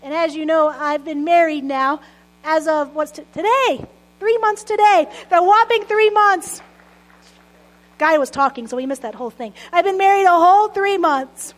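High-voiced woman pastor in her thirties. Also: moderate pace, rough recording. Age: 30s. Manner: earnest, personal storytelling with soft laughs. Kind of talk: sermon.

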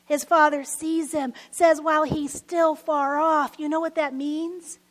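A woman giving a sermon to a congregation, intimate, often dropping to soft near-whispers for emphasis. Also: sits high, level tone, a little slow. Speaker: preacher. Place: church service.

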